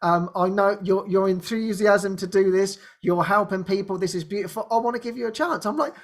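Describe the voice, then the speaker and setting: Animated man telling a story with frequent laughs. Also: sits high, fairly quick, few pauses. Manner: animated, laughs often, acts out quoted dialogue. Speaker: host of a spiritual talk show. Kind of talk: casual personal storytelling.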